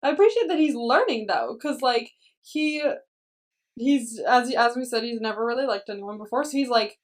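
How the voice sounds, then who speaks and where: A woman with a high voice chats on a casual podcast, gushing over the characters and laughing often. She sounds slightly distant from the microphone, and her delivery stays light and excited. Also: normal speed. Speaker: podcast co-host. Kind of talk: casual recap chat.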